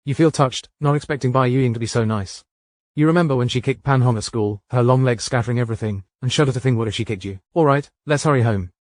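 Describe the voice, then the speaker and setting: A man narrating a translated romance story in the second person, with a brisk, even reading. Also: mid-range voice, dry recording.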